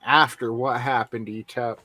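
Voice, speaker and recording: A man on a casual podcast, recapping results in a measured way. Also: medium pitch, steady tone, bright, forceful tone. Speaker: podcast co-host. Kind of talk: casual chat.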